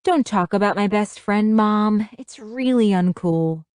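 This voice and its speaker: A woman's voice: medium pitch, a little slow, darkish tone, no echo, clean studio sound, natural voice. A woman voicing an exasperated young woman who argues back defensively with her mother.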